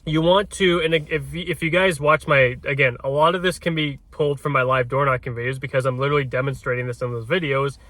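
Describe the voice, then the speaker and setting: He speaks briskly with few pauses, his mid-range voice fairly even and a bit bright, with no room sound. A realtor coaching door knocking, he chats casually, restarts his words, and peppers sentences with "right?"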